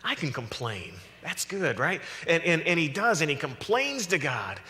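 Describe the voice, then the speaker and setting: A man preaching a sermon as pastor, animated and conversational, acting out quoted voices as he goes. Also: on the high side, moderate pace, long reverb tail. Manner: animated preaching, acts out voices of God and the prophets. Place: church sanctuary.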